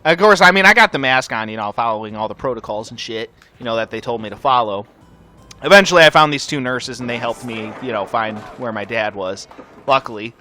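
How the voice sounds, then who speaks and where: A young man hosting a gaming channel, telling a rambling, profane story over gameplay in a casual, animated way. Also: medium pitch, fairly quick.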